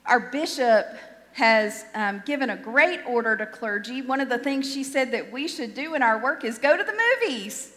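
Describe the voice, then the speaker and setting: A woman's voice: fairly high pitch, moderate pace, fairly bright tone, big-room sound. A woman pastor giving a sermon in a conversational, self-deprecating way, often restarting her sentences.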